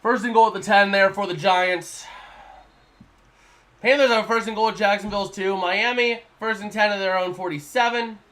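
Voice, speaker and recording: A man's voice: high voice, fairly even intonation, normal speed, a bit bright. A man doing casual live play-by-play on a stream, rambling and repeating himself as he gives his opinions.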